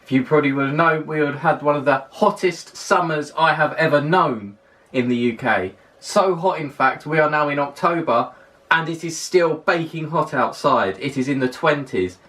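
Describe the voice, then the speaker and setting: A young vlogger with a well-spoken London accent runs through a casual countdown list in a slightly bright, higher-pitched voice at a moderate pace. He's chatty and emphatic, repeating words for stress, and sounds a little distant from the mic.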